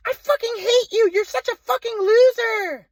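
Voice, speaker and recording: Man imitating a mother, shrill, scornful, cursing, high-pitched, far from the mic. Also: normal speed, no room sound. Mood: contemptuous. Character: shrill accusing mother, middle-aged woman.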